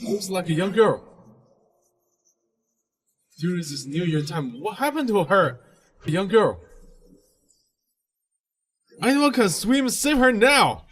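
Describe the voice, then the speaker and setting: A man voicing an alarmed bystander who shouts for help at a river in a dubbed drama. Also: high voice, expressive, a little slow, pauses often, big-room sound. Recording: distant voice over clear background noise.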